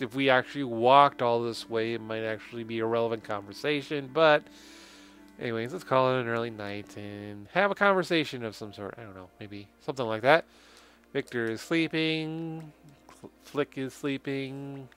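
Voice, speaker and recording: Game commentator, male, sarcastic and joking, laughs often, clear smooth voice, faint music behind. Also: mid-range voice, moderate pace, fairly bright tone. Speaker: let's play commentator.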